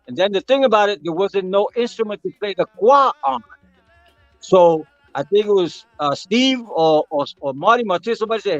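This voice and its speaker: A man's voice: high-pitched, a little fast, no room sound, lo-fi sound, soft background music. A man being interviewed as a guest musician, telling a story in a casual way and acting out the voices of the people in it. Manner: animated, acts out quotes of others.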